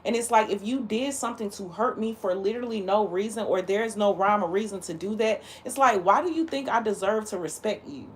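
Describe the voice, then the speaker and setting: A woman's voice: mid-range voice, a little fast, few pauses. Woman, livestream host, blunt, heated, emphatic, faint noise behind her. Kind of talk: casual livestream rant.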